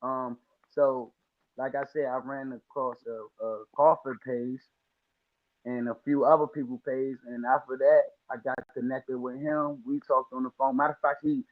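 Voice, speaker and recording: A man's voice: medium pitch, flat delivery, normal speed, phone-quality sound. A man from the Washington, D.C. area, a lawn care business owner telling his story as a podcast guest, casual and slangy, acting out quotes.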